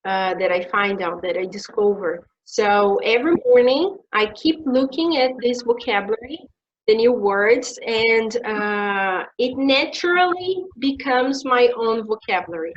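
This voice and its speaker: A woman from Brazil speaks English with a Brazilian accent, her voice sitting a little high. She talks in a measured, explanatory way, like a teacher handing out tips. The sound is dull and lo-fi, as on an online video call. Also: lively intonation. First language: Portuguese. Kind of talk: casual conversation.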